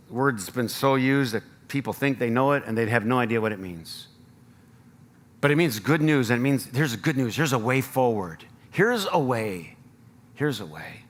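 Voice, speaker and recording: A man's voice: mid-range voice, a bit bright, big-room sound. An American man preaching a sermon as pastor, earnest and rising to emphatic appeals. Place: church sanctuary.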